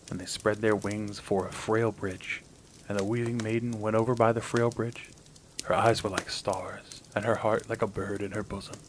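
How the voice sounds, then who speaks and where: A man with a low voice narrates an old folk tale aloud, gentle and unhurried. His delivery is calm and storybook-like, and as host he closes by thanking his listeners. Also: slight background noise, rough recording.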